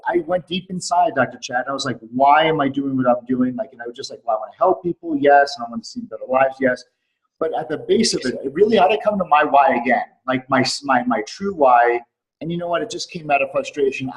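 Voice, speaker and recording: A man's voice: a little high, rough recording. A middle-aged man on a remote call, telling a personal story earnestly as a podcast guest, repeating phrases for weight. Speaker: podcast guest, clinic doctor.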